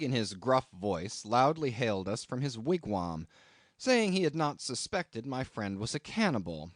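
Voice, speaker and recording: A man's voice: no room sound, clean studio sound. A man narrating a classic novel as an audiobook, reading expressively. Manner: expressive reading with wide pitch swings.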